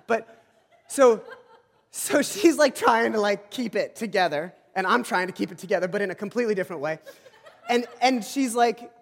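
A man preaching a sermon, telling a rambling, self-deprecating personal story with many restarts. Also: high-pitched. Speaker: pastor. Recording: long hall reverb.

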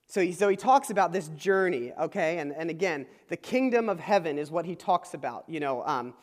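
A man's voice: fairly high pitch, expressive, brisk. A man preaching a conversational sermon, informal and explanatory, checking in with his listeners and chuckling as he explains. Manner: informal, checks in with "okay?" asides. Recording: long hall reverb.

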